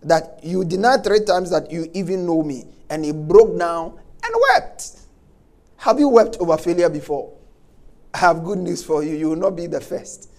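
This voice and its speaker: Male preacher with a high-pitched voice and an emphatic, repetitive sermon delivery. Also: animated, normal speed. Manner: emphatic, repeats key words, swings from quiet to loud.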